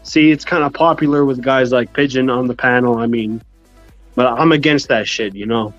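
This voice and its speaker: A man chatting on a boxing talk stream, provoking a guest with crude, drawn-out jabs. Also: mid-range voice, fairly bright tone, dry recording, dull audio, faint music behind. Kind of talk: casual chat.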